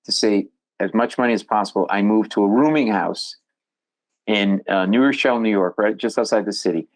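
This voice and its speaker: A man, a comedian guest on a podcast, telling stories in an animated, jokey way. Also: lowish voice, brisk, rough recording. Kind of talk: storytelling in a podcast interview.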